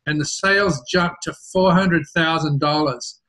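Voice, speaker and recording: A middle-aged man with an Australian accent tells his business story in an interview, animated and often repeating words as he starts sentences. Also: on the high side, unhurried. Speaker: interview guest, business founder.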